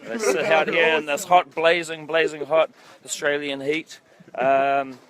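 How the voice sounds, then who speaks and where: A man's voice: a little high, fairly even intonation, unhurried, a crowd in the background, poor audio. A man directing a film who hosts a casual walking livestream, rambling and joking about himself with many ums, filmed on a phone held at arm's length. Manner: rambling, jokey and self-mocking, with many ums. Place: outdoor film set by a lake. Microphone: phone held at arm's length while walking. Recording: outdoor set noise behind the voice.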